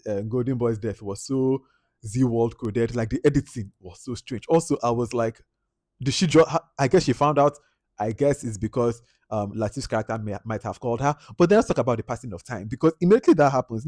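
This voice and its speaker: Fast-talking man reviewing films. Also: medium pitch, no echo, studio quality. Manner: animated, exasperated, acts out his own reactions. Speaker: film reviewer. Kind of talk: casual movie review monologue.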